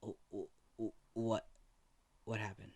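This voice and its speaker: A man doing a gruff, subdued old grandfather. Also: fairly low pitch, normal speed, no room sound, pitched below the performer's own voice, close to an everyday voice. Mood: shaken.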